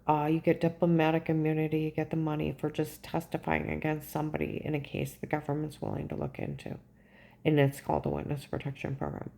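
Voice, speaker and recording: A woman telling a personal story in a rambling, agitated way, often pausing to ask "okay?" and trailing off. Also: low voice, vocal fry, warm tone. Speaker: vlogger recounting a personal ordeal.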